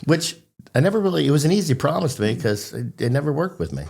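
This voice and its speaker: A man's voice: a little high, sing-song, quick pace, vocal fry, a little mellow. A man hosting a podcast, telling stories in a casual chat in an easygoing way and often laughing along. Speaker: podcast host.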